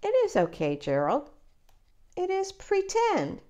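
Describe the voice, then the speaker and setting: A woman's voice: very high-pitched, huge pitch swings, takes it slowly, dark tone, pitched above the performer's own voice, exaggerated voice. A woman reading aloud, voicing a cheerful, playful young female pig who explains things confidently. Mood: patient. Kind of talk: picture book read-aloud.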